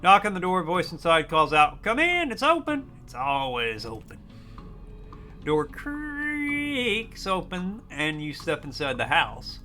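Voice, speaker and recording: A man's voice: on the high side, wildly swooping pitch, takes it slowly, sharp tone. A man streaming a game, reading its text aloud in a playful, jokey way. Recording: faint music behind.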